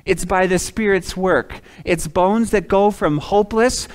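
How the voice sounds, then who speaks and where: A man preaching a sermon as a pastor, swinging from loud emphatic lines to hushed ones and acting out quoted speakers. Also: sits high, a little slow. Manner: acts out the prophet's and God's words in quoted asides.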